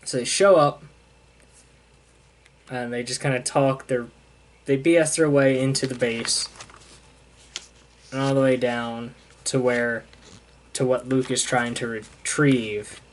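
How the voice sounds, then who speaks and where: A man's voice: mid-range voice, fairly even intonation, takes it slowly, pauses often, slight background noise. A young man casually retelling a comic book plot, rambling and self-deprecating as he paraphrases the characters.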